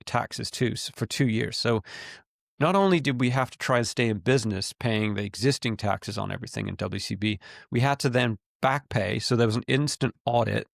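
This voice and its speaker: A man's voice: medium pitch, normal speed, creaky, no room sound, studio quality. A middle-aged man and podcast co-host, candidly retelling a business story with quoted dialogue in a casual chat.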